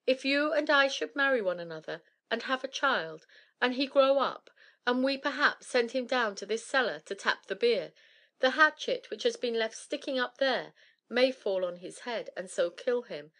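A woman's voice: a little high, expressive, normal speed, a bit bright. A woman reading aloud voices a foolish, weepy young woman who frets and asks plaintive questions in a storybook. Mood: fretful.

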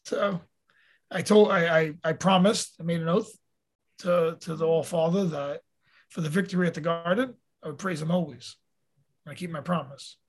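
A man with a notably high and husky voice tells stories in a loose, conversational way. He talks earnestly, drops the occasional swear word and sounds relaxed as a podcast guest. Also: moderate pace. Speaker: podcast guest, fitness coach. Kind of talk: casual conversational storytelling.

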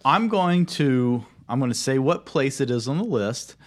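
A man in his thirties hosts a relaxed chat, running a movie-quote quiz with a light, playful touch. His voice sits at an ordinary middle pitch, and he laughs easily between questions. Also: normal speed. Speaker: host. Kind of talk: casual chat.

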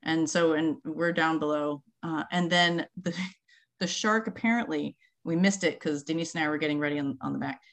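A middle-aged woman with a slightly low voice tells field stories in easy conversation. She is lively, laughs often and acts out little quotes as she goes. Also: moderate pace. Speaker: marine mammal researcher. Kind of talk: casual conversational storytelling.

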